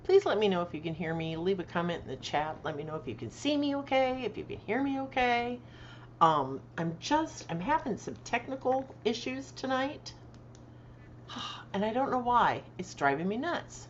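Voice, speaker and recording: A tired, middle-aged woman chats her way through a livestream, her pitch rising and falling in lively swings as she greets viewers by name. She laughs easily, and the audio is a little dull and lo-fi, with a faint hiss underneath. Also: moderate pace. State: tired after a long day. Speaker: livestream host and author. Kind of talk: casual livestream chat. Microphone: desktop microphone.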